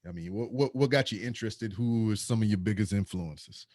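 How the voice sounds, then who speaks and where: A man hosting a casual interview, asking questions in a relaxed, slangy way. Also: fairly low pitch, fairly quick, dry recording. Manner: relaxed, slangy, loose phrasing. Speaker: show host.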